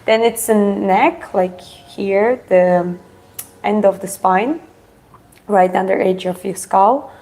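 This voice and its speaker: Halting woman with a gravelly voice. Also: medium pitch, a little mellow, rough recording. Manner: halting, full of fillers and restarts. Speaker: co-host. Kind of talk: casual chat.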